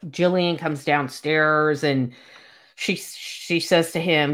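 A woman's voice: low-pitched, slow, few pauses. A woman in casual chat, retelling a romance novel and acting out the characters' lines as she goes. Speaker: book discussion co-host.

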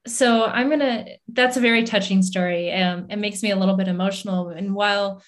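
A woman's voice: mid-range voice, steady tone, a little fast. A woman hosting a podcast, speaking reflectively about a family experience, with many fillers. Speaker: podcast host. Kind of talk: conversational interview.

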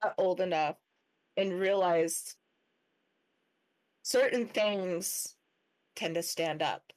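A mother co-hosting a podcast, telling an animated parenting story in casual chat. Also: on the low side, slow, low-quality recording. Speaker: podcast co-host.

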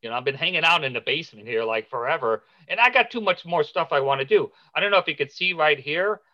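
A man's voice: on the high side, animated, fast, sharp tone, dull audio. A middle-aged man as a podcast guest, chatty and jokey, telling stories in a loose, casual way. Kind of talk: casual interview chat.

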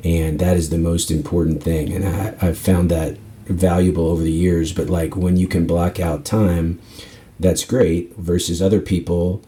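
A man's voice: low voice, level tone, moderate pace, warm tone, slight background noise. A man hosting a podcast, asking loose rambling questions full of fillers in a casual interview. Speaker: podcast host.

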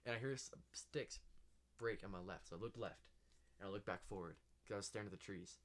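A young man co-hosting a casual chat, telling a ghost story in an animated way, acting out voices and laughing often. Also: lowish voice, brisk. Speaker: podcast co-host.

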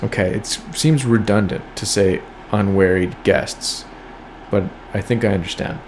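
Here a podcast host with a lowish voice works through old poems at a moderate pace, slight noise behind him. He reads a line, then tosses off a dry, foul-mouthed comment, sometimes pausing to spell a word letter by letter as he checks it.

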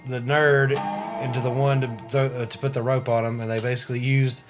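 A man co-hosting a podcast, retelling a horror movie plot in relaxed, rambling chat with restarts. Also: medium pitch, brisk, music in the background. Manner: relaxed storytelling, trailing restarts. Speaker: podcast co-host. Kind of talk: casual movie recap chat.

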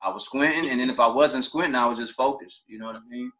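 A man's voice: medium pitch, fast talker, bright, forceful tone. A man in a laid-back casual chat over a remote call, often repeating himself and saying "you know what I mean.".

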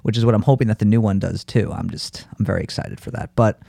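A man's voice: fairly low pitch, quick pace, creaky, dark tone, no echo, studio quality. A man co-hosting a casual chat, talkative and full of fillers, laughing often. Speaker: podcast co-host.

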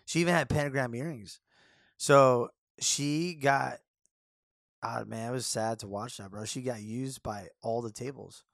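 A man's voice: mid-range voice, a little slow, vocal fry, a bit bright, no room sound, studio quality. A man hosting a podcast, telling a story casually and with animation, often repeating and restarting phrases. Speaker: podcast host, barber.

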